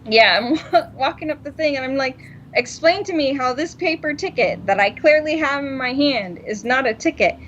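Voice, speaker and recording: Her high voice moves at a moderate pace as this podcast co-host tells a story in casual chat. She is animated, laughs frequently and acts out quotes, over dull lo-fi audio with slight background noise.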